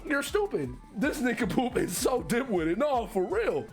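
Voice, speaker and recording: A man's voice: very high-pitched, big pitch swings, measured pace, few pauses, faint music behind. A man streaming his reactions to online posts, reading them aloud with profane, incredulous commentary and frequent laughter.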